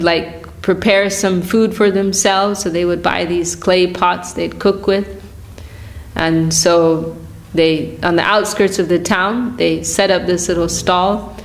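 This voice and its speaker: A woman telling a devotional story in a morning class, unhurried, with frequent restarts and soft laughs. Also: medium pitch. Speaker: class speaker.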